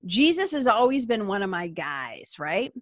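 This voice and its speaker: Speaking at normal speed with a medium-pitched, very animated voice, this Massachusetts woman hosts a podcast and shares personal stories in a loose, candid style. She swears freely and leans on lots of fillers. There's no room sound, just studio-quality audio.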